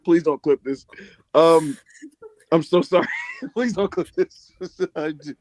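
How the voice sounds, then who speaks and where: A man co-hosting a podcast, recapping and joking in profane, animated chat. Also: a little high, slow pace, no room sound. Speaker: podcast co-host. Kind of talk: casual chat.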